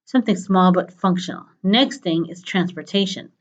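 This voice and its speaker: A woman reading aloud and voicing a menacing, bossy middle-aged kidnapper who gives gruff commands, on a dull lo-fi recording. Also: on the low side, moderate pace, close to an everyday voice.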